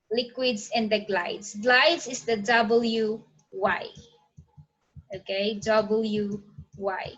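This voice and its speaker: A woman teaching phonetics in an online lecture, often saying "okay" and pausing to check her slides. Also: on the high side, fairly bright tone, highs cut off. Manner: frequent "okay" fillers, pauses to check slides.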